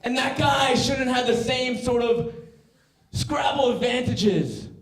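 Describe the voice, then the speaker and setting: A young man in his twenties doing a rambling stand-up set on a club stage, halting with fillers and restarts, the crowd laughing behind him. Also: extremely high pitch, expressive. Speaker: stand-up comedian. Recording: roomy club with crowd noise.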